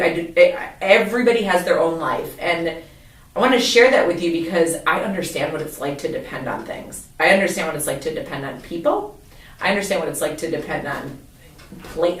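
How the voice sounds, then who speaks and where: A woman's voice: lowish voice, a bit bright. A woman co-hosting a podcast, telling candid, confessional stories about her own past in casual chat. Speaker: podcast co-host. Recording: roomy echo, mic at a distance.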